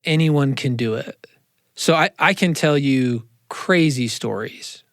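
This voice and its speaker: A man, a counselor, talking in a casual interview, animated and quick with asides, in a studio. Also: medium pitch, no echo. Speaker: counselor, podcast guest. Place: radio studio.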